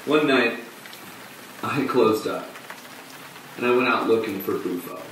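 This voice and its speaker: An actor playing a male off-off-Broadway performer who tells his story in a halting way, with dark, bitter laughs. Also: mid-range voice, slight background noise, natural voice. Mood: rueful. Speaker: actor in a monologue. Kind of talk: stage monologue on film. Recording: distant echoey room with rain.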